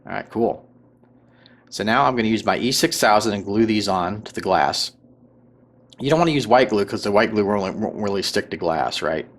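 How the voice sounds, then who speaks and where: A man with a fairly low voice narrates a tabletop crafting tutorial. He talks casually and loosely, full of fillers, and keeps checking in with the viewer. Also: normal speed. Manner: relaxed, filler-heavy, checks in with "right?" and "okay?".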